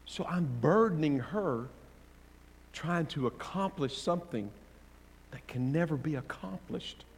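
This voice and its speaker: Male pastor, higher voice, sermon with long hall reverb; shifts from loud preaching to soft counsel. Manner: swings between loud preaching and quiet counsel; playful asides to the congregation.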